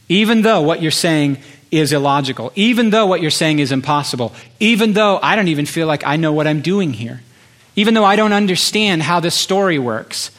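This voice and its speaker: A man preaching a sermon to his congregation, impassioned, building through repeated phrases with pauses. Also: on the high side, a bit bright. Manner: impassioned, rhetorical repetition with pauses. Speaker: pastor.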